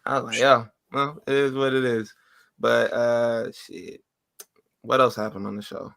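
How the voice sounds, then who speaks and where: A young adult man co-hosting a podcast, telling stories in an excitable, casual way. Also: mid-range voice, measured pace, gravelly. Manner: excitable storyteller. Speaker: podcast co-host. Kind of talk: casual storytelling.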